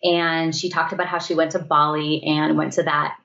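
Woman guest, earnest reflective storyteller, lower voice, slightly muffled audio. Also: flat delivery, normal speed, gravelly, a bit bright. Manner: earnest, reflective, often quotes her own thoughts. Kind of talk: candid storytelling in conversation.

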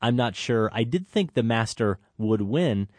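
A man's voice: mid-range voice, lively intonation, a little slow, darkish tone, no room sound. A man from Eastern Iowa co-hosting a film podcast, talking in a dry, wry casual way. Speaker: podcast co-host. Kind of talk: casual film-review chat.

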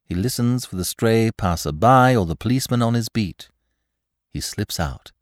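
A man voicing a flippant, theatrical aristocratic gentleman detective in a storybook reading. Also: fairly low pitch, expressive, normal speed, dry recording, clean studio sound, natural voice. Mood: animated. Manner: breezy, theatrical, whimsical. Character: flippant aristocratic young male sleuth.

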